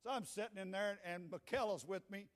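A man in his sixties with a Southern US accent, preaching a Pentecostal sermon as pastor, moving from quiet storytelling to shouted preaching in a church. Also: high-pitched, moderate pace. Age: 60s. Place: church sanctuary. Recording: echoey hall with long reverb.

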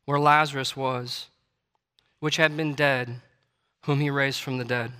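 A man's voice: medium pitch, flat delivery, measured pace, bright, forceful tone, clean tone. A male preacher delivering a sermon in church, reading scripture and building to emphatic, repeated declarations. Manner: preaching with rising intensity and emphatic repetition; reads scripture aloud in King James wording. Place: church sanctuary. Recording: long hall reverb.

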